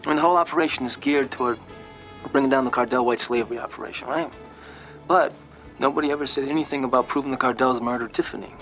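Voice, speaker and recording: An actor playing an easygoing, quick-talking police detective. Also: male voice, medium pitch, fairly bright tone, soft background music, natural voice. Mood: earnest. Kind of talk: TV crime drama acting.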